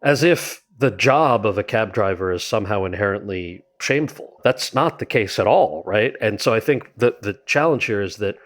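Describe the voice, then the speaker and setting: A man's voice: lowish voice, moderate pace, hardly any pauses. A man talking as a guest about his memoir in an interview, telling candid, wry stories in a conversational way. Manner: animated, candid, wry storyteller. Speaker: guest author.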